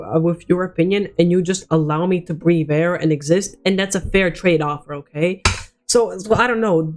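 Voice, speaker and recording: A teenage boy telling a personal story as a vlogger, rambling and swearing, with many restarts. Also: high-pitched. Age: teens.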